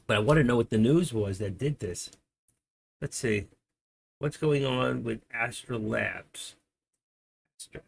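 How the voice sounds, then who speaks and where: With slight background noise behind his creaky, low-leaning voice, a middle-aged livestream host talks as he trades. The chat is casual, and he rambles, mutters to himself, and chuckles while storytelling.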